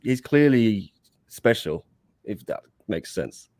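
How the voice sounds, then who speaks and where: A man's voice: fairly low pitch, animated, takes it slowly, darkish tone, dry recording, clean studio sound. A man co-hosting a casual sports chat, wry and offhand. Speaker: co-host.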